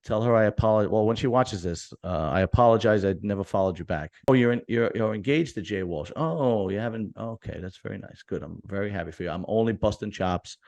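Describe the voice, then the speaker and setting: A man hosting a casual bodybuilding podcast, teasing and ribbing his co-host, with loud jumps between mutters and outbursts. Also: on the low side, fast talker, hardly any pauses, lo-fi sound. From Italian-American family. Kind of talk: casual chat.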